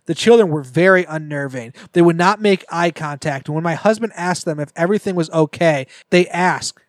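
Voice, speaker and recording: A man's voice: a little high, moderate pace, few pauses, no echo. A man on a podcast reading a scary story aloud and breaking off for joking asides. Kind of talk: casual storytelling read-aloud with banter.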